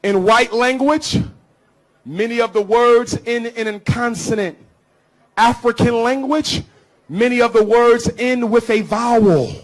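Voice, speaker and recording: A man giving an impassioned public speech to an audience in a rhythmic preaching cadence, punching key phrases with shouts. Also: very high-pitched, a little slow, poor audio. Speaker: public speaker. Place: live event before an audience.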